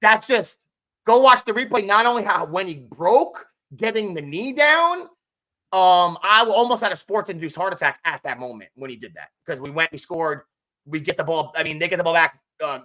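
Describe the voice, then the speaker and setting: A man's voice: sits high, lively intonation, moderate pace, pushed and bright. A man co-hosting a casual sports podcast, talking animatedly and often turning to his co-host by name.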